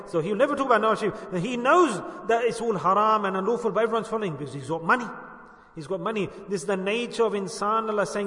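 A man's voice: high voice, quick pace, bright, forceful tone. A man preaching a passionate sermon, acting out the voices of the people he quotes. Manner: impassioned, acts out quoted voices. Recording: echoey hall with long reverb.

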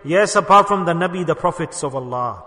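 A man's voice: fairly high pitch, lively intonation, brisk, bright, forceful tone. A man preaching a sermon at a mosque gathering, impassioned and urging his listeners with rhetorical questions. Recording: reverberant hall.

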